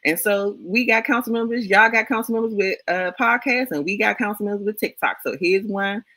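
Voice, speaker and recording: A man's voice: high voice, brisk, sharp tone, no echo, rough recording. A man from Washington, D.C., with a local accent, co-hosting a casual livestream talk show and greeting viewers in the chat with slang.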